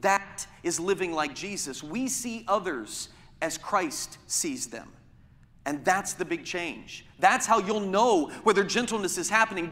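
Emphatic high-voiced preacher in a hall. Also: male voice, a bit bright. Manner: emphatic preaching, rhetorical questions. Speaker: pastor. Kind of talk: sermon.

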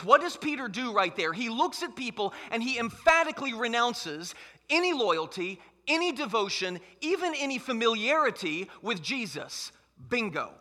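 High, bright preaching man in a hall. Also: big pitch swings, moderate pace. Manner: emphatic, conversational preaching. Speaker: pastor. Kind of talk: sermon. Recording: long hall reverb.

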